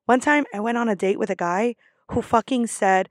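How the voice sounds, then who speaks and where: A woman's voice: on the high side, moderate pace, dry recording, studio quality. A woman who works as a restaurant server, ranting in a casual vlog, blunt and sassy with lots of swearing.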